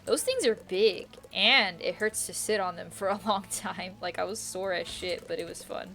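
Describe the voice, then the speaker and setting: A young woman streamer chats loosely while she plays, giggling, slangy and quick to swear. Her voice sits at an ordinary middle pitch. Soft game music plays underneath. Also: gravelly. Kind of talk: casual chat while gaming.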